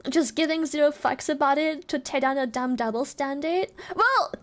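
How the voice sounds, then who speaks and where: A woman's voice: high-pitched, moderate pace. A woman from Germany, a native German speaker, chatting casually on stream, ranting animatedly with lots of laughter and swearing.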